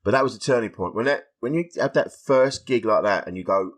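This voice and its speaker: A man, a stand-up comedian guest on a podcast, telling stories in a lively way and acting out the voices of people he quotes. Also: fairly low pitch, quick pace, hardly any pauses. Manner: animated storytelling, acts out quoted voices. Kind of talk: casual podcast interview.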